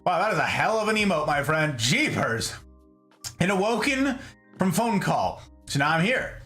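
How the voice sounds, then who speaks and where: A man's voice: high-pitched, big pitch swings, normal speed, bright, forceful tone. A young man hosting a casual livestream, joking with chat and greeting viewers by name while doing chores. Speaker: livestream host. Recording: echoey room with music underneath.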